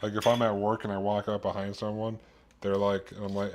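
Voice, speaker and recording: A man's voice: on the low side, level tone, brisk, slight background noise. A man streaming himself cooking at home, chatting in a rambling way that keeps breaking off and restarting. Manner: rambling, self-interrupting storyteller. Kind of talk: casual chat while cooking. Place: home kitchen. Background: kitchen dishes and cutlery clatter.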